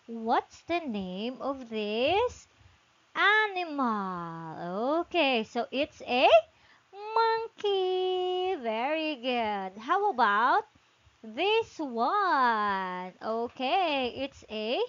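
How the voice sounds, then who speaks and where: A woman teaching English to a child in an online class, praising often and drawing her words out in a slow sing-song way. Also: sits high, sing-song, fairly bright tone, dry recording, muffled recording.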